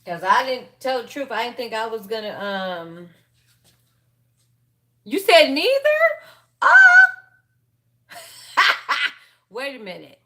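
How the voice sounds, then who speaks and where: A woman's voice: fairly high pitch, unhurried, bright, forceful tone. A woman hosting a sewing livestream from home, chatting casually with viewers and laughing often. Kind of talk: casual chat while sewing.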